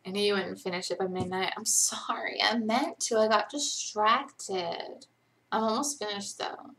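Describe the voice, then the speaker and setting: A woman's voice: medium pitch, measured pace, a bit bright. A young woman hosting a casual late-night live Q&A from home, chatty and rambling, often poking fun at herself. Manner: chatty, rambling, self-deprecating. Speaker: livestream host.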